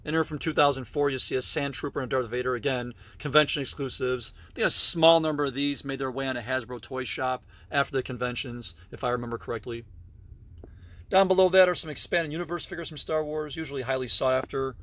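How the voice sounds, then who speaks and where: A man's voice: mid-range voice, fast talker, fairly bright tone. A middle-aged man casually narrating a tour of his collection in a basement, with frequent fillers and self-corrections. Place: basement room.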